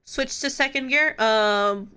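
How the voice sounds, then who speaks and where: A woman's voice: sits high, takes it slowly, bright, forceful tone, clean tone. A woman live-streaming in casual chat, playful and giggly, swearing freely.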